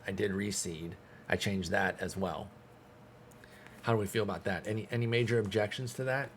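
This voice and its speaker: Frustrated man with a gravelly low voice. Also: steady tone, normal speed, slight background noise. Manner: frustrated, sarcastic, swears a lot. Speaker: streamer playing a baseball management game. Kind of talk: casual gameplay commentary.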